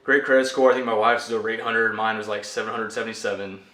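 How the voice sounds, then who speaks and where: Young man venting in a personal vlog, bright and fed up, roomy sound. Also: fairly low pitch, flat delivery, fast. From United States. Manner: exasperated, ranting. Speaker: vlogger. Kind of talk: frustrated personal rant. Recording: echoey room.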